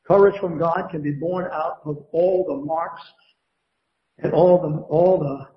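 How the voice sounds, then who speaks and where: A male pastor preaches a sermon with a voice a little higher than most men's. He builds his emphasis and puts questions to the congregation. The sound is roomy and a bit muffled, as if recorded in a church sanctuary. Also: measured pace. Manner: preaching with rising emphasis and call-and-response questions.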